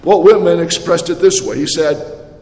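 A man's voice: on the high side, lively intonation, darkish tone. A man, a priest, preaching a sermon in a church, often restarting his words but telling stories with dramatic swings. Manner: halting restarts with dramatic storytelling. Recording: echoey church hall reverb.

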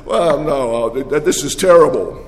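An older man preaching a sermon, telling the story with animated energy and frequent restarts. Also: a little high, normal speed, in a large hall.

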